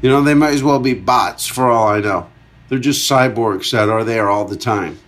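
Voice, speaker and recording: A man hosting a solo comedy podcast and counting down a chart. His voice sits at an ordinary middle pitch for a man. He rambles, cracks jokes and argues with himself between songs. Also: moderate pace, a bit bright. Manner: rambling, jokey, talks back to himself. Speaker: podcast host.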